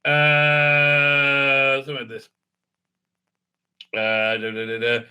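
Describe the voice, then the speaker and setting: Bright-voiced rambling man. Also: mid-range voice, completely flat delivery, slow pace, smooth. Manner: rambling, sarcastic, many fillers and restarts. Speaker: video commentator. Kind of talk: casual solo commentary.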